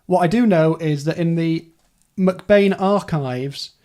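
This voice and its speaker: A man hosts a relaxed book podcast in a chatty, rambling way. His voice sits a little higher than most men's. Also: takes it slowly. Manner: chatty, rambling through publishing details. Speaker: podcast host. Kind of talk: casual book-club chat.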